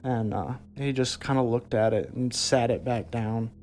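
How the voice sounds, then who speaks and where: A man giving documentary interview testimony about an encounter, speaking haltingly with frequent restarts. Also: medium pitch, darkish tone, soft background music.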